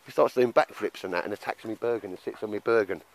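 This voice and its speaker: Deep-voiced man chatting outdoors. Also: quick pace, low-quality recording. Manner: chatty, laughs often, calls everyone mate. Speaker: bushcraft vlogger. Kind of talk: casual outdoor chat to camera. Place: outdoor woodland camp in rain.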